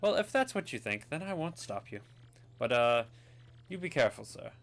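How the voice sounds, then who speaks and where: A man's voice: medium pitch, sing-song, normal speed, gravelly, fairly bright tone, voice pushed up. A man voicing a posh, polite boat captain in a video game. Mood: courteous. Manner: posh, formal, courteous.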